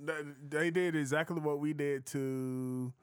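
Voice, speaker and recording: A man's voice: fairly high pitch, fairly even intonation, measured pace, clear, resonant tone, no echo. A man in easy conversation as a podcast host, loose and jokey, laughing often. The sound is dry and close, with no room around it. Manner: laid-back, laughs often, loose storytelling. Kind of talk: casual chat.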